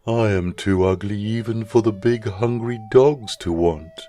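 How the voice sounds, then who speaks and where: A man voicing a sad, lonely young duckling boy in a storybook reading, close to his own low voice. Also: unhurried, close to an everyday voice. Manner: downcast, quiet.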